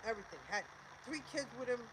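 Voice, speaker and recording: An older woman hosts a livestream, delivering an emotional monologue: emphatic, repetitive, swearing, and preaching encouragement. Her slightly high voice is expressive and fast, with background noise behind it.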